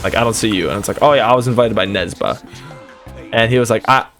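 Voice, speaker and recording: A man's voice: fairly low pitch, quick pace, fairly bright tone. Young guy streamer rambling thru a story, self-deprecating, faint music behind. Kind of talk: casual storytelling.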